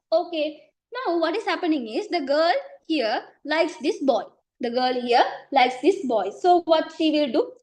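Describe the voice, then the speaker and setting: A woman teaching a chemistry lesson, repeating herself and often checking understanding, losing her voice and clearing her throat. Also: high voice. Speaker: chemistry tutor. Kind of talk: online class teaching.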